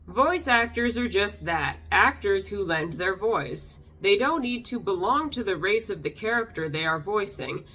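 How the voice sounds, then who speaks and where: A woman's voice: mid-range voice, a bit bright. A young woman vlogger reacting to comments in a sarcastic, exasperated way, a little tipsy. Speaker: YouTuber reading comments. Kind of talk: casual commentary.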